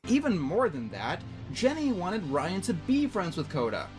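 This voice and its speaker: A man's voice: high voice, wildly swooping pitch, normal speed. A man reading a scripted commentary narration, with dry, emphatic emphasis as he retells events. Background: music playing.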